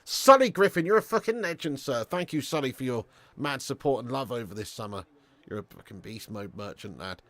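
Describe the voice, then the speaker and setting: A man's voice: medium pitch, expressive, fairly quick, few pauses, a bit bright. A man, hosting a football watch-along live stream. He is sweary and full of banter, and he talks straight to his viewers. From Birmingham area, England.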